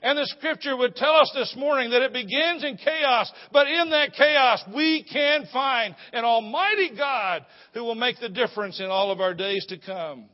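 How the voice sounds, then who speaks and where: A man preaching a sermon as a pastor, swinging between loud proclamation and hushed, low confiding. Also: normal speed, hardly any pauses. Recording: muffled sound with long hall reverb.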